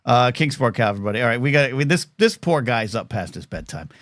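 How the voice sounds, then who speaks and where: A man's voice: medium pitch, lively intonation, fast talker, a bit bright, no echo, studio quality. A man in his fifties hosting a live talk show, telling rambling stories with friendly teasing. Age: 50s. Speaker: host. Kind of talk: casual talk show banter.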